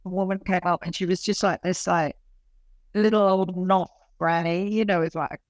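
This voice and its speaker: A woman in her late fifties with a London accent, chatting as an interview guest in an animated, self-mocking way with many restarts. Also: lowish voice, normal speed, dry recording, studio quality. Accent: London English. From London, England. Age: late 50s. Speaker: guest author and performer. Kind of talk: casual interview chat.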